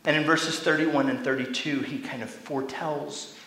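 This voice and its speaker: A young adult man preaching a sermon as a pastor, telling the story with animated, acted-out lines. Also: on the high side, moderate pace, roomy sound, a little hiss or hum, low-quality recording. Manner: animated storytelling, acting out quoted lines, drops to a whisper.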